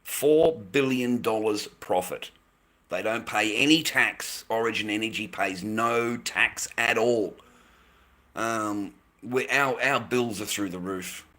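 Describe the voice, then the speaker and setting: A man's voice: lowish voice, slow, sharp tone. A man with an Australian accent talking casually to his viewers, blunt and sweary, circling back and repeating his points as he rants. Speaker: livestream host.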